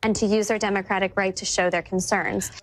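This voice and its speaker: A woman guest makes a calm, measured point in conversation. Her voice sits at a middle pitch. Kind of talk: conversational commentary.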